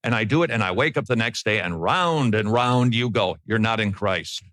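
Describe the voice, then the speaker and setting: A man's voice: fairly low pitch, animated, moderate pace, fairly bright tone, no room sound. A man preaching a sermon to a congregation in a church, emphatic and repeating his key points.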